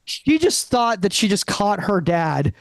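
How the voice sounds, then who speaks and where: A man's voice: sits high, big pitch swings, unhurried, vocal fry, no room sound. A young man doing a rambling stand-up set in a comedy club, with lots of restarts and acted-out quotes.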